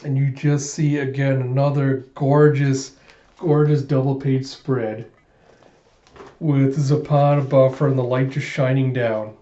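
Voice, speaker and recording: A man eagerly retelling a comic book aloud in an excited, animated readthrough. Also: medium pitch, a little slow, echoey room, highs cut off. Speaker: host reading a comic aloud.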